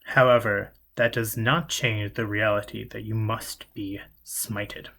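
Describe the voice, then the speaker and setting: A man's voice: lowish voice, steady tone, gravelly, sharp tone, full character voice. A man voicing a pale, menacing male stranger with a harsh, crow-like voice who speaks curtly and stiffly, stressing every word. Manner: curt, stiff, deliberate, each word stressed.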